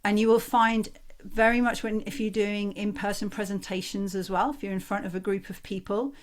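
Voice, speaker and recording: A woman from the north of England with a Northern English accent, a communication coach giving an expressive, conversational workshop talk over a video call. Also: mid-range voice, moderate pace. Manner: expressive, conversational, acts out examples.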